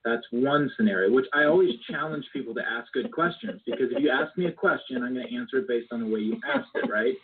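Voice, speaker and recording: Guy guest on a phone-quality line, husky voice, earnest, thinks out loud. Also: medium pitch, lively intonation, quick pace, hardly any pauses. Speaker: business club founder, guest. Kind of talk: casual interview chat.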